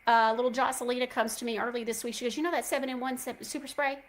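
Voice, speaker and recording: A woman's voice: on the high side, steady tone, rapid-fire, low-quality recording. Chatty middle-aged woman host. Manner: chatty storyteller, addresses listeners as y'all. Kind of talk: casual chat.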